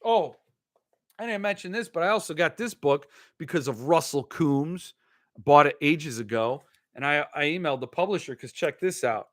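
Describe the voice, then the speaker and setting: A man's voice: on the high side, expressive, moderate pace, a bit bright, dry recording, clean studio sound. A man hosting a casual book live stream, joking and rambling in a self-mocking way.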